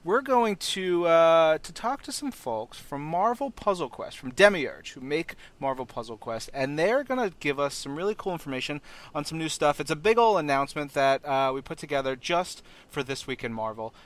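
A man hosting a podcast segment, upbeat and energetic as he introduces a guest. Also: fairly high pitch, normal speed. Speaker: podcast host. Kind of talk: casual chat.

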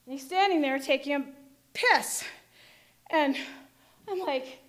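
A woman with a high, light voice tells a personal story with vivid drama. She moves from hushed tension to loud outbursts as she relives it. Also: slow pace. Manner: vivid, dramatic retelling, shifting between hushed and shouting.

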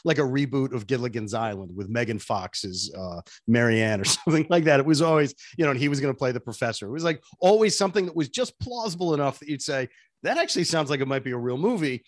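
A man who is a radio personality, telling stories as an interview guest in an animated way and laughing often. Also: medium pitch, fast talker, hardly any pauses, no room sound, clean studio sound. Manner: animated, laughs often, jumps between voices. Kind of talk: casual interview storytelling.

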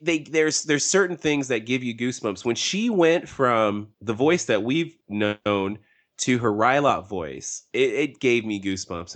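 A man in a casual podcast chat talks in a rambling way, pushing his points with animated emphasis. His pitch sits in the middle range for a man. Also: measured pace. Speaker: podcast co-host. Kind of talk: casual discussion.

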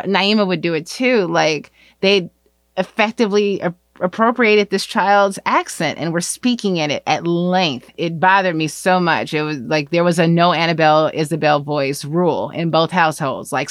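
A woman co-hosting a casual parenting podcast, talking with wry, deadpan humor. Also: lowish voice, dry recording, studio quality. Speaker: podcast co-host.

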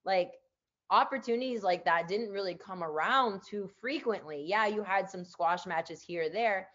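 Speaking at normal speed with a medium, slightly bright voice, a former wrestler hosts a podcast in a relaxed interview. She's chatty and peppers her speech with "like", and the recording has its highs cut off.

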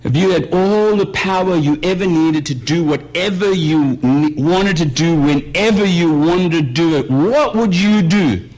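A man preaching a sermon in a conversational way, moving between quiet musing and raised emphasis. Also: on the high side, normal speed, few pauses. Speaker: pastor.

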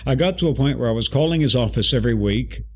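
A man guest telling an animated story in an interview, acting out the voices of people he quotes. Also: mid-range voice, fast talker, husky.

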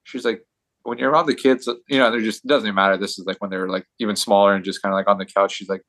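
A man around forty, a guest on a podcast, telling stories in a rapid, loose, casual way. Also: on the low side, fairly even intonation, fairly bright tone, dry recording. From United States. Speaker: podcast guest, pro hockey player. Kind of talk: casual chat.

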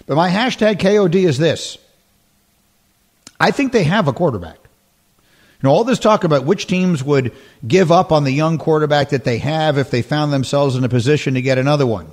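Male sports radio host, emphatic, repeats himself, fairly high voice. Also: expressive, a little fast. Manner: emphatic, repeats his points.

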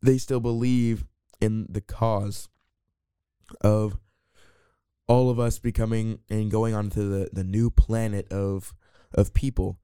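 A man's voice: fairly low pitch, flat delivery, slow pace, warm tone, smooth, dry recording, clean studio sound. A young man co-hosting a podcast, chatting casually about a movie, rambling with many restarts and playful banter. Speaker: podcast co-host. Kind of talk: casual movie review chat.

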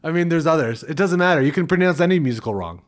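A man's voice: on the high side, expressive, very fast. A man guesting on a podcast, arguing in an insistent, exasperated way in casual chat.

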